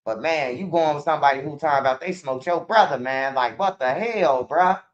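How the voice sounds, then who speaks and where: A man's voice: a little high, fairly quick. A man talking casually to the camera in a rambling, profane street manner, recorded with dull lo-fi sound.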